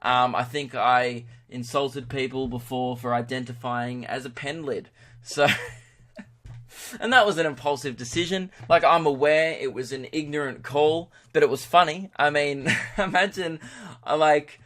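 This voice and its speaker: A man's voice: medium pitch, unhurried, fairly bright tone. A young Australian man hosting his own comedy podcast, talking loosely and impulsively, swearing and laughing at his own jokes. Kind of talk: casual solo podcast chat.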